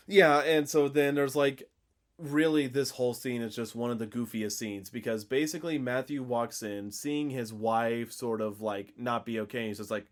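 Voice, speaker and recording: A man's voice: medium pitch, normal speed. Rambling man recapping a film. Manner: rambling, leans on fillers like essentially and basically. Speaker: podcast co-host. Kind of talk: casual film recap chat.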